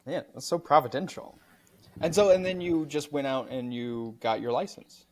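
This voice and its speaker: A man co-hosting a podcast, reacting to a guest's story in a relaxed, appreciative way. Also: mid-range voice, moderate pace. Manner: laid-back, appreciative reactions. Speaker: podcast co-host. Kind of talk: casual chat.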